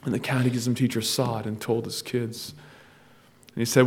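A man preaching a sermon, telling a story and building to loud, impassioned exhortation. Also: mid-range voice, little pitch movement, normal speed, creaky. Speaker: pastor.

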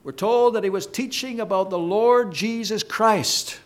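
A man preaching a sermon to his congregation, with an emphatic, deliberate cadence. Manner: emphatic, slow preaching cadence with sweeping pitch. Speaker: pastor.

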